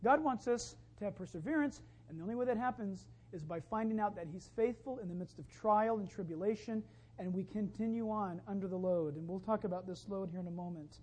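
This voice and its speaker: Husky-voiced woman preaching emphatically. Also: mid-range voice, fairly quick, poor audio. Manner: emphatic preaching that climbs to loud exclamations. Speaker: pastor. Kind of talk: sermon.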